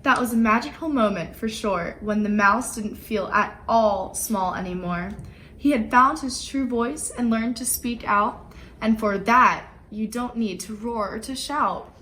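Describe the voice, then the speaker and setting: A woman volunteer reading a rhyming children's picture book aloud, with expressive, playful emphasis. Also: a little high, a little slow, slight background noise, rough recording.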